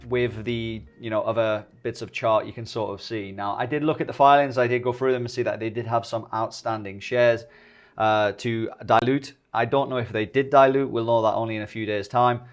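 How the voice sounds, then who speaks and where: A man giving a casual, jokey trading tutorial, speaking directly to his viewers as he goes over a chart. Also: mid-range voice. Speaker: stock trading YouTuber.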